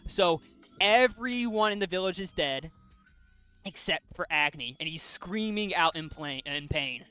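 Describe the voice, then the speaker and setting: With a high, pushed and bright voice that still sounds clean, this man speaks a little slowly and with lively intonation. He co-hosts a podcast, loosely recounting a comic's storyline full of fillers and restarts. Faint music sits in the background.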